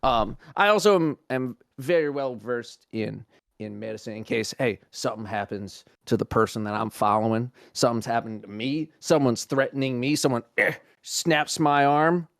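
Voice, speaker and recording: A man's voice: medium pitch, normal speed, a bit bright, no echo, studio quality. A man improvising as a job applicant in a comedic party game, rambling and stammering through restarts. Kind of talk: improvised comedic role-play.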